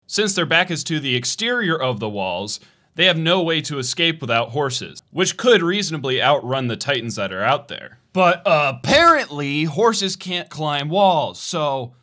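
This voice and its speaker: A man narrating a comedic recap with sarcastic, crude humor and deadpan asides. His voice is bright and forward, and his pitch swings animatedly through each line. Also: normal speed. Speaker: video narrator.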